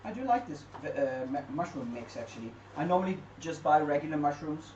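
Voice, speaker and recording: A woman's voice: low-pitched, expressive, fairly quick, a little mellow, highs cut off, slight background noise. A woman co-hosting a livestream, chatting casually and reading chat aloud while she cooks in a home kitchen. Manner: chatty, reads chat aloud, laughs easily. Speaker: livestream co-host. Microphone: distant room mic. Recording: echoey kitchen from far off, clattering pans.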